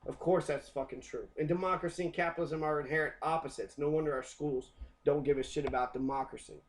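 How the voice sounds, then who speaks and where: A man's voice: fairly high pitch, fairly even intonation, fast talker. A young adult American man delivering a heated, profane rant, often repeating himself. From United States. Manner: profane, heated, repetitive ranting. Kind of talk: angry rant.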